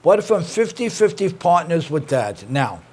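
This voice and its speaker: A man's voice: on the high side, big pitch swings, moderate pace, darkish tone, husky. A middle-aged man, a rabbi teaching an interactive class, who repeats his points and praises his students' answers.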